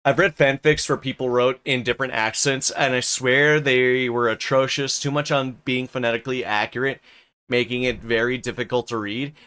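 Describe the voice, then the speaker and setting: A man's voice: medium pitch, fairly even intonation, moderate pace, pushed and bright, smooth. A young man chatting casually on a live reading stream, rambling with many restarts. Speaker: streamer narrating a novel.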